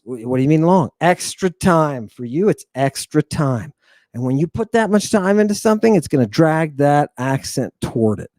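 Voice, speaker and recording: A man's voice: a little high, no echo. A man teaching an Ancient Greek lesson in a theatrical, teasing drill-sergeant manner. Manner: animated, teasing.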